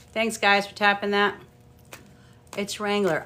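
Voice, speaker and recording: A woman's voice: mid-range voice, fairly even intonation, slow, long pauses, pushed and bright, slight background noise. A middle-aged woman reading tarot cards on a live stream, chatting casually, greeting viewers by name and muttering asides to herself. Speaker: tarot card reader.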